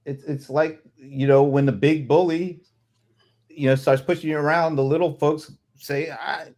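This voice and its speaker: A man on a casual chat panel, talking in an animated, playful way. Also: fairly high pitch, normal speed. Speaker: guest panelist.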